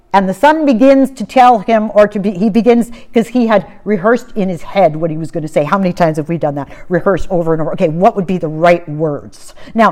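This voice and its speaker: Woman preacher, animated storyteller in a sermon, acts out the characters. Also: medium pitch.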